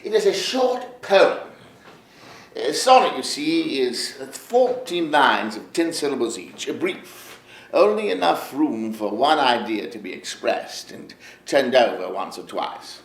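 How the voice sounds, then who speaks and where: An actor playing a wistful, lovestruck 52-year-old playwright in a one-man stage monologue, reminiscing with animated storytelling. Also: mid-range voice, a little slow. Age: 50s. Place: theater stage. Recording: roomy stage sound from a far camera with faint noise.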